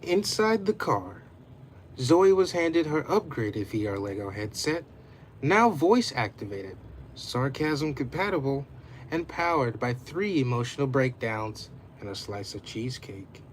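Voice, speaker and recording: A man's voice: mid-range voice, big pitch swings, a little slow, slight background noise. A man reading his own homemade adventure story aloud in a casual, unpolished way.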